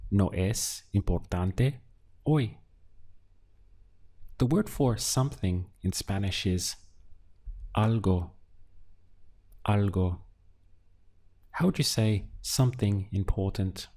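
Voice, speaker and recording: Man, language teacher, unhurried, patient, dark mellow voice. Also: on the low side. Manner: calm, patient, pauses for listener to answer. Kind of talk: slow, deliberate language lesson.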